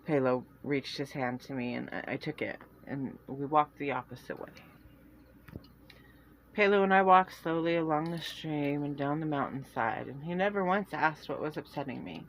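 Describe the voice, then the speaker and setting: A woman reading her own fantasy novel aloud in first person, earnest and halting with restarts. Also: low voice, slight background noise, poor audio.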